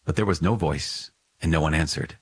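Deep-voiced man reading scripture. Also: a little fast, slightly rough. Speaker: scripture reader.

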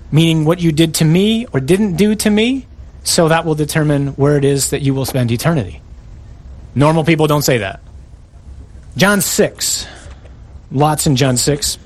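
Emphatic preacher man, fairly high voice. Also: lively intonation, moderate pace, pauses often, darkish tone. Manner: emphatic, rhetorical questions to the listeners. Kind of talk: sermon.

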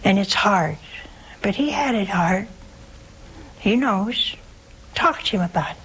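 A woman hosting a call-in show as a religious sister, giving emphatic spiritual advice with wide swings in pitch. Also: lively intonation, measured pace, fairly bright tone, husky, poor audio.

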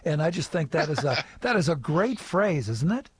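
Slightly high-voiced male radio host. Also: very animated, normal speed, husky. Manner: friendly, reads out emails and phone numbers. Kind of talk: hosting a call-in radio show.

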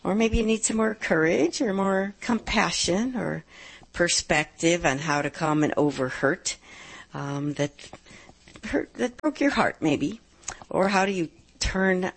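A middle-aged woman hosting a live advice radio show, upbeat and emphatic, slowing down to stress key points. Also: fairly low pitch, husky. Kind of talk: live call-in radio talk.

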